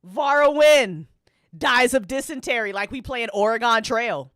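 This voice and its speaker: A woman's voice: a little high, a little slow, very noisy. A woman hosting a casual livestream, reading game events aloud and reacting with frequent laughter and swearing.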